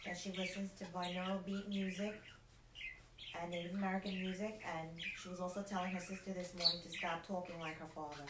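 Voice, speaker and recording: A woman's voice: lowish voice, little pitch movement, a little fast. A woman co-host reading viewer messages aloud in a plain, matter-of-fact way. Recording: echoey room with loud background noise.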